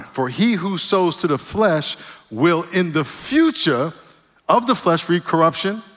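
A man's voice: sits high, fairly bright tone. A man preaching a sermon as pastor, joking with the congregation and getting them to call back answers. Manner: playful, jokes with the congregation, call and response. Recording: long hall reverb.

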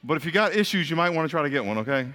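A man preaching a sermon to a crowd in a lively, joking way, speaking straight to them. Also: fairly high pitch, rapid-fire, a little hiss or hum. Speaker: pastor. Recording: long hall reverb.

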